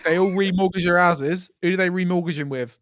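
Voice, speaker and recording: A high-voiced man co-hosting a podcast. He delivers mock-paranoid rants deadpan and swears freely, recorded close and dry. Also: brisk, no room sound. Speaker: podcast co-host. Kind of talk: casual comedic chat.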